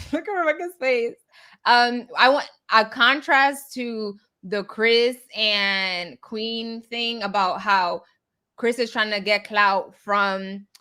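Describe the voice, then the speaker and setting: Woman podcast co-host, chatty and opinionated, bright tone, easy laugh. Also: mid-range voice, clear, resonant tone. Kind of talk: casual chat.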